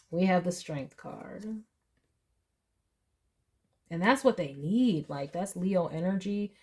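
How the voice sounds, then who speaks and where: A woman's voice: lowish voice, lively intonation, a little slow, long pauses, darkish tone. A woman giving a tarot reading in a casual, earnest and emotional way, talking straight to the viewer. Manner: emotional, earnest, chatty with laughs and asides. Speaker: tarot reader.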